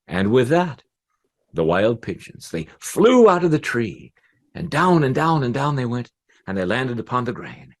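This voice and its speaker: A man who is a professional storyteller, telling a folk tale in an expressive, rhythmic way with repeated phrases. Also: medium pitch, unhurried. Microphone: pre-made recording.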